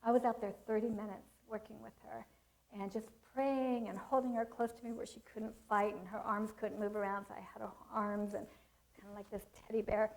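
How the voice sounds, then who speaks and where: A middle-aged Christian speaker on child training tells animated stories to a church audience, laughing often and acting out what people said. Her voice is medium in pitch, brisk and gravelly, captured on a rough recording.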